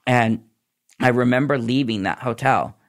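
Speaking at a measured pace in a mid-range voice, a man shares his personal recovery story in a podcast interview. The former nurse is candid, his account tumbling along in run-on fashion.

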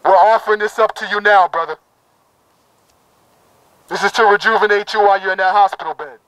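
A man with a high voice leads a prayer at an outdoor rally. He speaks fervently in rhythmic, repeated phrases, and his voice comes through dry and close. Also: steady tone, fairly quick, fairly bright tone, dry recording, rough recording. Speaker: protest speaker leading a prayer. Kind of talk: impassioned rally speech. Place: outdoor town plaza.

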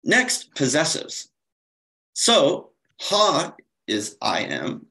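A man's voice: on the high side, huge pitch swings, drawn-out words, vocal fry, sharp tone, poor audio. A man giving a slide-based conference lecture, explaining steadily with occasional fillers and self-corrections. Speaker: conference presenter.

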